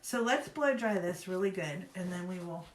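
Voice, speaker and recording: A woman's voice: fairly low pitch, lively intonation, moderate pace, slight background noise. A woman from Virginia hosting a live craft demo, chatting in a rambling, upbeat way while she works. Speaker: craft livestream host. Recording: roomy echo.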